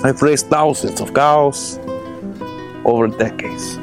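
A man voicing a boastful older rancher uncle, telling his story slowly and grandly. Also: mid-range voice, steady tone, voice pushed up, natural voice. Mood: proud. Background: guitar music.

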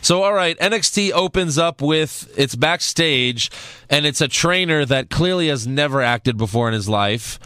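A man co-hosting a casual wrestling recap podcast, sarcastic and quick to laugh. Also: a little high, expressive, sharp tone, clean tone, dry recording, studio quality. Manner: laughs often, sarcastic asides. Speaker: podcast co-host.

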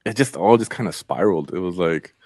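A man with a fairly low voice talks as a guest on a podcast, telling stories candidly in a loose, rambling way. He swears freely and leans on fillers. The sound is close and dry, with almost no room around it. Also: expressive, fairly quick, a little mellow, husky, dry recording. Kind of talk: casual conversation.

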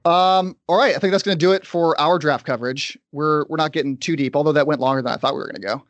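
A man's voice: a little high, dry recording. Dry-sounding podcast host man. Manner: conversational, quick asides. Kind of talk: casual sports podcast chat.

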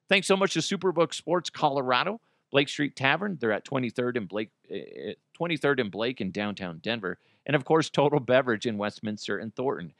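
A man's voice: medium pitch, expressive, a little fast, gravelly, few pauses, a bit bright, no echo, studio quality. A man hosting his own podcast, talking casually and jokingly, rambling with frequent restarts. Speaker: podcast host. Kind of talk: casual solo podcast monologue.

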